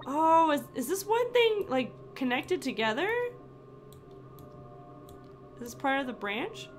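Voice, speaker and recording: A woman streaming games in casual chat, excitable and exclaiming often, on a desk microphone. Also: sits high, takes it slowly, soft background music. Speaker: game streamer. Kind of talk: casual gaming livestream chat.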